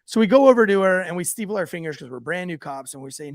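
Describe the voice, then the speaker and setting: A man, a former police officer, co-hosting a podcast and telling profane, animated stories in casual chat. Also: sits high, fast talker, no room sound, clean studio sound.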